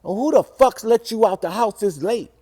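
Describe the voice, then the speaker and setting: A man's voice: sits high, animated, normal speed. A man playing a furious, cursing mother. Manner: loud, profane scolding. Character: angry middle-aged mother, blunt and cursing.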